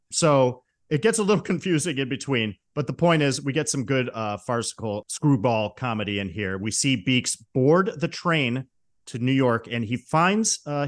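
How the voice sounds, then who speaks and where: Male podcast host retelling a movie plot, relaxed and amused, average pitch. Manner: chatty, amused retelling with brief quoted impressions. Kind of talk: casual film recap.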